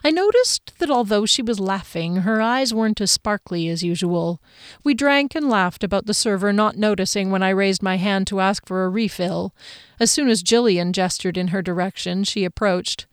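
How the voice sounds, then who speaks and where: A woman narrating a first-person audiobook in a measured, expressive way. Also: mid-range voice, clean tone, no room sound, clean studio sound.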